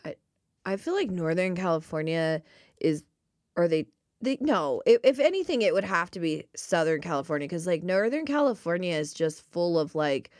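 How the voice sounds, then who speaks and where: A young woman from Reno co-hosting a podcast in casual chat, playful and quick to mimic accents. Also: lowish voice, sing-song, darkish tone, no room sound, studio quality. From Reno, Nevada. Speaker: podcast co-host.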